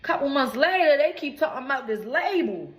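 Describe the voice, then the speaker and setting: High-pitched woman in her twenties, swearing and indignant, storytime rant in an echoey room. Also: sing-song, brisk. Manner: profane, indignant, emphatic. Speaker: recording artist.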